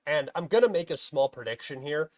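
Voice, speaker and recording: A man's voice: a little high, lively intonation, a little fast, no echo. A young man hosting a livestream, casually talking through a war map with many uh and um fillers. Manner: filler-heavy, many uh and um restarts; bursts into loud frustrated shouting at himself. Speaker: host of a military map analysis stream.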